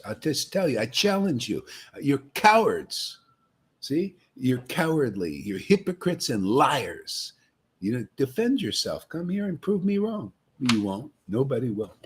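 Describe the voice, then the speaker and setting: Husky, confrontational male preacher. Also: medium pitch. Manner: confrontational, taunting, repeats "man" and "see?". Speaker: preacher leading a devotee meetup. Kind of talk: impassioned street-style preaching.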